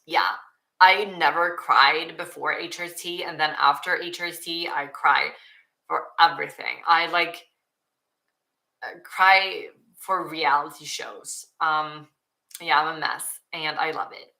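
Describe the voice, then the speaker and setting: A young woman with a Swedish accent chats through viewer questions at an unhurried pace. Her voice sits a little low but sounds bright and forward, and she talks with lots of fillers and giggles, openly emotional. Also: fairly even intonation, creaky, low-quality recording. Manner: emotional, giggly, many likes and ums. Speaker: YouTuber answering viewer questions. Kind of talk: casual Q&A chat.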